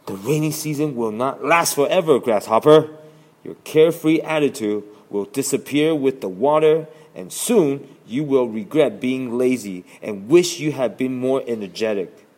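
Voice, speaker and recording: Stern, preachy ant, louder than usual, read by a man. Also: lowish voice, lively intonation, unhurried. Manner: stern, lecturing. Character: serious hardworking male ant, stern and lecturing.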